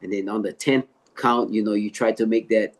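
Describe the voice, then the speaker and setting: The interviewee, an older martial arts instructor, tells his story hesitantly, relying on fillers and reported dialogue. He speaks on the low side with fairly even intonation.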